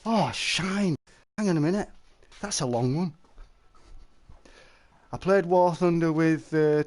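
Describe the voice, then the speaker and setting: A man's voice: on the high side, a little mellow. A man streaming a fishing game live, chatting and joking with his viewers and answering their messages.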